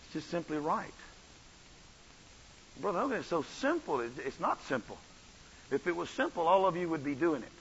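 A man preaching a revival sermon, swinging from soft asides to shouted runs. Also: a little high, big pitch swings, normal speed, long pauses, highs cut off, slight background noise. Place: church.

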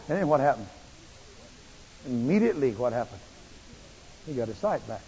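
A male preacher giving a fervent, repetitive sermon that rises into shouts. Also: mid-range voice, sing-song, a little fast, long pauses, slightly rough. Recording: muffled, long hall reverb.

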